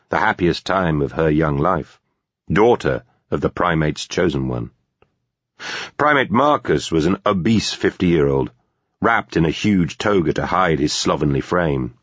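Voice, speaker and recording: A man reading a novel aloud in steady, measured scripted narration. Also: low voice, dry recording. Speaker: audiobook narrator. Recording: dull, lo-fi dry recording.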